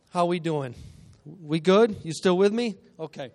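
Guy preaching in church, high voice, all fired up, jokey, asks the crowd for amens. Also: measured pace. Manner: energetic, joking, call-and-response. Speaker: guest preacher. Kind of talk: sermon.

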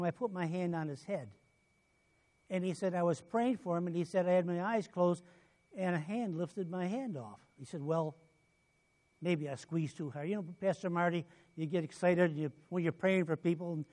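A man preaching a sermon, telling stories and acting out quoted voices, swinging from loud bursts to quiet asides. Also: sits high.

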